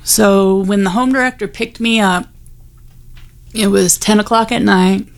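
A woman's voice: mid-range voice, steady tone, a little slow, gravelly. A woman telling her personal testimony in a candid, wry conversational way. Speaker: guest sharing her testimony.

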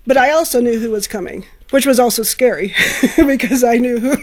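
A woman's voice: fairly high pitch, a little mellow. A middle-aged woman, a teacher and foster parent, telling her story earnestly as an interview guest. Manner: earnest, heartfelt, halting restarts.

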